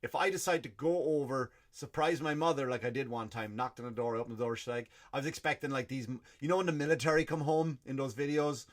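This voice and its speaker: An Irish comedian hosts his podcast with a loose, profane rant. His medium-pitched voice swings between mock outrage and deadpan asides, full of swearing and Irish turns of phrase. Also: fast, few pauses. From Ireland. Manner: profane, animated ranting. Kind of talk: stand-up style comic rant.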